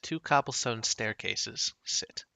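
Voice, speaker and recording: A man's voice: takes it slowly, vocal fry. A man running a tabletop game as game master, narrating scenes and jumping into character voices. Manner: animated, jumps into high-pitched character voices.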